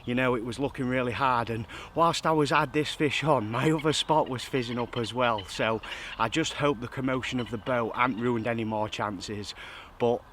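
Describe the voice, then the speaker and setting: A man's voice: mid-range voice, moderate pace, fairly bright tone, a little hiss or hum. A man, out of breath and elated, chatting to camera outdoors by a lake about his catch. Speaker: carp angler vlogger. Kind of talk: excited fishing vlog.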